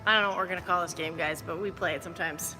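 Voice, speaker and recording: A woman's voice: fairly low pitch, steady tone, racing, big-room sound, music in the background. A woman fitness coach giving upbeat, chatty movement cues during a live workout.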